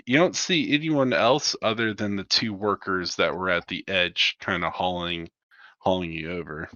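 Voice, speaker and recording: A man's voice: low voice, sharp tone, no echo, highs cut off. A man narrating as game master of a sci-fi tabletop game, describing scenes with many fillers.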